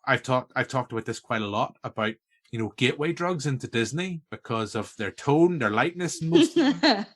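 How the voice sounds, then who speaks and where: A man's voice: mid-range voice, big pitch swings, moderate pace. A man with a Northern Irish accent hosting a casual film-review podcast, talking enthusiastically in a rambling way with many restarts. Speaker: podcast host.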